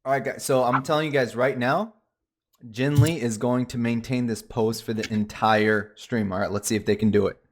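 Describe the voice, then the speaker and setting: A man's voice: mid-range voice, steady tone, normal speed. A man hosting a casual livestream chat with friends, joking around and often trailing off into mumbles. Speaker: stream host.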